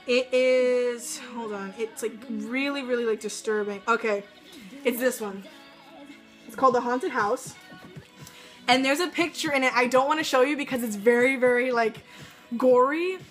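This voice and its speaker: A woman's voice: a little high, normal speed, a bit bright, soft background music. A young adult woman vlogging casually to camera, telling a story in a rambling way with lots of fillers.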